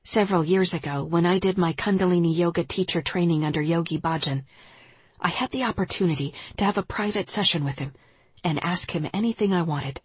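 A yoga teacher reads her spiritual writing aloud in a calm, measured, reflective way. Her voice is low for a woman and very breathy and husky. The sound is close and dry, with no room echo. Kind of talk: reading spiritual nonfiction aloud.

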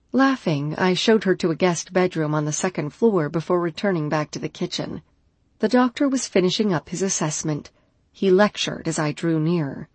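A woman narrating a first-person romance audiobook in an intimate, measured way. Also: on the low side, a little mellow, breathy edge, dry recording.

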